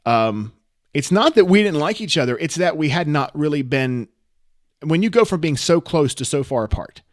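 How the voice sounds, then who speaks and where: A man co-hosting a podcast, telling a story in a casual, rambling, self-deprecating way that turns animated. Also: mid-range voice, dry recording, studio quality. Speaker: podcast co-host.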